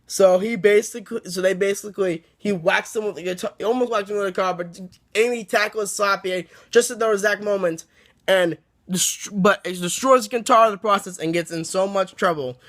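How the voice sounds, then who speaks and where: Rambling, excitable man reviewing a book. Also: high voice, a little fast. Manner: rambling, excitable, many restarts.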